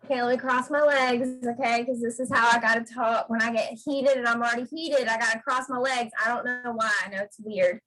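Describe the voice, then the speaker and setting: Casting note: high-pitched woman, emphatic motivational speaker on a video call. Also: fairly even intonation, a little fast, hardly any pauses, fairly bright tone, poor audio. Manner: emphatic, repeats "okay?" to drive points home. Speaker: guest speaker on a sales team video call. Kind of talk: motivational pep talk.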